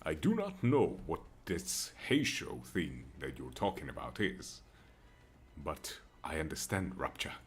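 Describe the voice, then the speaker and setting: A man's voice: extremely low pitch, big pitch swings, measured pace, husky. A young man joking crudely and rambling while he plays a game and answers chat. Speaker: streamer. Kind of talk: casual gameplay commentary with chat.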